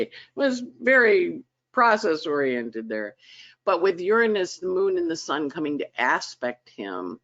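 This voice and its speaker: Chatty woman doing her weekly astrology forecast, voice jumps all over, muffled call audio. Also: sits low. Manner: animated, chatty, dramatic emphasis. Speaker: astrologer host. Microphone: conference call line.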